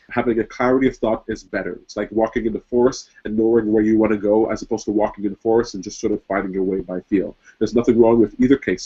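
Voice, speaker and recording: A man's voice: lowish voice, a little mellow, breathy edge, muffled recording. A man hosting an online talk, speaking reflectively with many fillers while a little under the weather. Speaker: host. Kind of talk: casual motivational talk. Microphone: video call.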